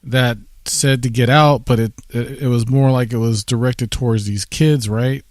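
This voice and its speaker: A man hosting a radio interview, asking a long question with halting restarts. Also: mid-range voice, steady tone, a little mellow, dry recording. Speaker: radio show host.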